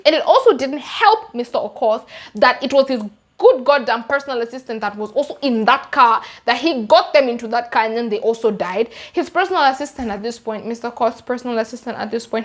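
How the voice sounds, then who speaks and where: A young Kenyan woman with a Kenyan English accent recounting a true-crime case in an animated, slangy, emphatic way. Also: a little high, a little fast. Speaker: YouTuber. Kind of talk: true-crime storytime vlog.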